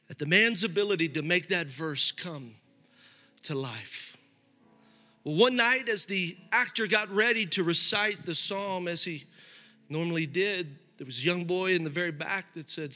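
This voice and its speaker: A man's voice: high-pitched, pushed and bright. A middle-aged man preaching a sermon as a pastor, talking in a loose, conversational way with frequent restarts. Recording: hall reverb with faint music.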